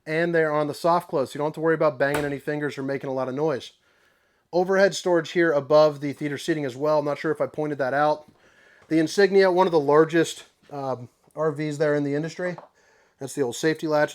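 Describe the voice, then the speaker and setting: A young man selling RVs, giving an upbeat, rambling walkthrough tour of a trailer. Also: a little high. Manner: upbeat, enthusiastic, rambling asides. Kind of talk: casual product tour.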